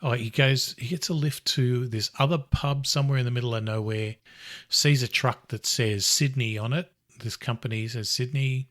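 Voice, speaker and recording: Man, podcast host, casual film recap, relaxed, mid pitch. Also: normal speed. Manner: relaxed, recaps the plot step by step.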